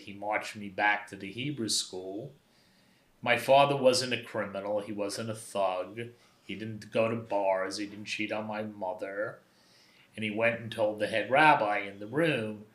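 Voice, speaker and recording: Forceful older New man telling stories. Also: on the low side, normal speed. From Brooklyn, New York. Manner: animated anecdotal storyteller, acts out quoted voices. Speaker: guest, documentary photographer. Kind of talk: conversational storytelling. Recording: roomy echo.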